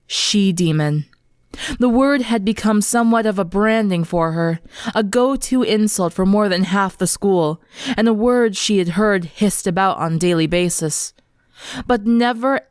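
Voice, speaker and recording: A young woman reading a fan story aloud in an earnest, expressive storybook narration. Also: medium pitch, clean tone, no echo, clean studio sound. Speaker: fanfiction reader.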